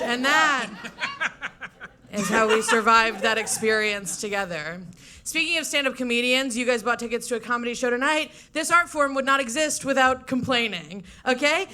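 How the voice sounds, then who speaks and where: A woman's voice: sits high, pushed and bright. A young woman comedian giving a brash, profane, sarcastic stand-up debate speech.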